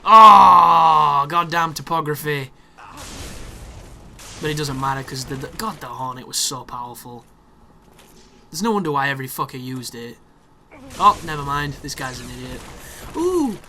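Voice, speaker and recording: A young man commentating on his own gameplay, excitable and sweary, with sarcastic asides. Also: a little high, slight background noise. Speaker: gaming commentator.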